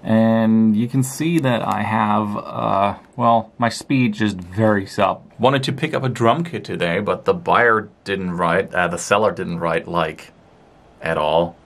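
Relaxed, low-voiced man narrating crafts. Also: slow. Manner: relaxed and chatty, with frequent fillers. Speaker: crafting vlogger. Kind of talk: casual hobby tutorial narration.

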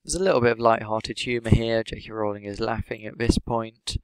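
A male English teacher talking through a lesson in a measured, steady, explanatory way. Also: on the low side, clear, resonant tone, dry recording, rough recording.

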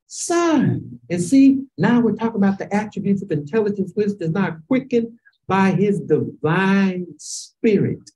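Teaching a Bible class remotely, a woman with a Chicago accent quizzes her students, stretches words out to stress them and now and then escalates to shouting. Her mid-range voice has lively intonation, though the audio is poor.

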